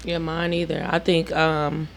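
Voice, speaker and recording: A woman's voice: low voice, completely flat delivery, measured pace, gravelly. A woman in her thirties co-hosting a podcast, chatting casually and bluntly, swearing freely and acting out arguments. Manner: profane, blunt storytelling, acts out arguments. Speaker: podcast co-host. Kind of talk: casual chat.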